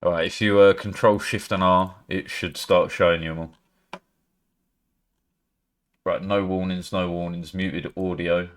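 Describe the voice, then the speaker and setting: A man's voice: sits low, level tone, a little slow, long pauses. A man from Britain chatting casually on a live stream, swearing often and laughing. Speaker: livestreamer.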